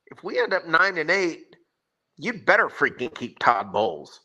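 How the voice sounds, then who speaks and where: A man hosting a casual sports chat, talking in an emphatic, excitable way. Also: fairly high pitch, moderate pace. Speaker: sports podcast host.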